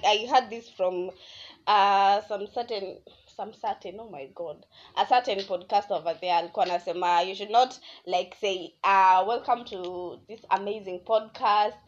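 A young Kenyan woman with a Kenyan accent hosting a casual solo podcast, rambling and animated as she tells a story. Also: fairly high pitch. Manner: rambling, animated, switching between English and Swahili slang. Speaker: podcast host. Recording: dull lo-fi audio.

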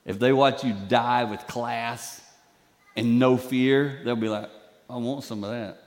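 An older man giving a sermon as a guest speaker in a church, telling stories in an animated way and acting out the voices he quotes. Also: on the low side, big-room sound. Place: church sanctuary.

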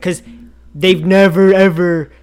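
A man's voice: sits high, flat delivery, takes it slowly, a little mellow, smooth. A man co-hosting a podcast in casual chat, laid-back with slang and stumbling restarts. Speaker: podcast co-host.

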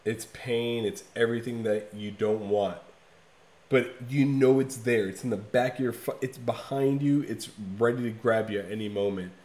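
A male podcast co-host reviews an album in casual conversation, speaking emphatically and swearing a lot. He swings between loud bursts and low, quiet stretches, and the room sounds echoey.

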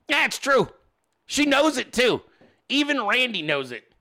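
High, bright-voiced man ranting. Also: a little slow, vocal fry. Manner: animated, exasperated, heavy cursing. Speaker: podcast host. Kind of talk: profane storytelling rant.

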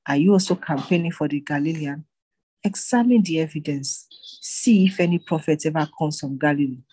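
Snooty indignant pharisee men, a reader putting them on, husky dry voice. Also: medium pitch, brisk, warm tone, no echo, lightly acted. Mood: scornful. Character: scornful male religious leaders.

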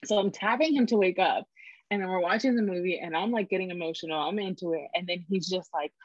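A woman's voice: lowish voice, fast talker, dry recording. A woman in her twenties, a podcast guest telling a story in casual chat, acting out dialogue with lots of fillers. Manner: animated, acts out dialogue, many fillers. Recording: dull lo-fi dry recording.

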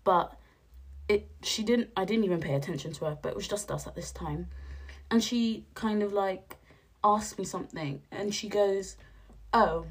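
Husky young woman, hoarse. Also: normal speed. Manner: animated, slangy, jumps to high exclaims when quoting. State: hoarse after a night out. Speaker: podcast host. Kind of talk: casual chatty storytelling.

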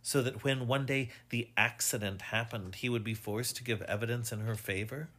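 A man reading a mystery story aloud as narrator, in a measured, even storytelling manner. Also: mid-range voice.

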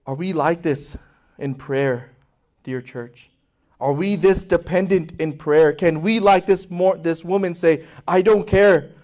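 A man's voice: on the high side, measured pace, darkish tone. A male pastor preaching a sermon with passion, acting out voices in quotes and asking his congregation questions.

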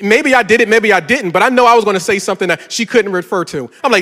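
A middle-aged man, a pastor, preaching a sermon and telling a story with lively, rising energy. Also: fast talker, hardly any pauses. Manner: animated, gets louder and higher telling a story. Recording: reverberant hall.

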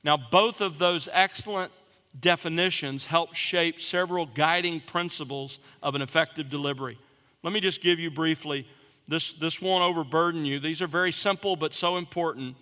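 A preaching instructor with a fairly high, clean-toned voice teaches preachers about sermon delivery at normal speed. His lecture is emphatic, stressing and repeating key points, and he drops into a quiet conversational voice to demonstrate, all with long reverb from a large hall.

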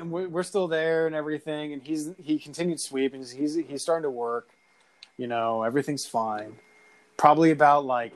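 A man telling a story in casual chat, rambling with many fillers and swear words. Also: on the high side.

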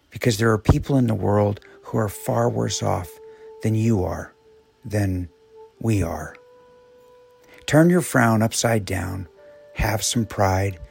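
A man reads an inspirational story in a low, husky voice with a gravelly fry. He speaks slowly and reflectively. Soft music plays beneath him. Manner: slow, measured, reflective. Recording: soft music bed behind voice.

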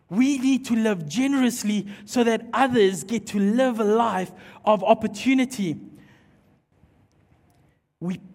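A man preaching a sermon and telling a story, acting out dialogue in an animated way. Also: high voice. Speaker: pastor. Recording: long hall reverb.

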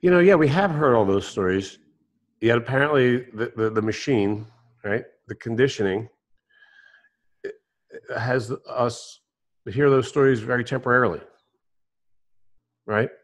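A male host tells a story in the middle of a conversation, animated and loose with his fillers. His voice sits at a middling pitch and keeps a relaxed, conversational flow. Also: a little slow, long pauses.

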